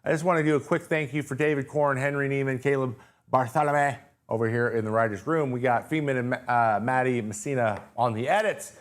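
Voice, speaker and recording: A man's voice: mid-range voice, fairly quick. Tired, rambling male show host. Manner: loose, rambling, jokey with filler words. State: tired, voice wearing out. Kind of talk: casual live-stream Q&A.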